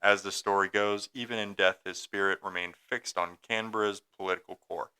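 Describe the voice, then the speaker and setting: Deep-voiced young man reading a ghost story. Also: fairly even intonation, brisk, sharp tone, clean tone. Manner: reads a script with stumbles, then jokes and laughs. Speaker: podcast co-host telling a ghost story. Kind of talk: casual podcast storytelling, reading notes.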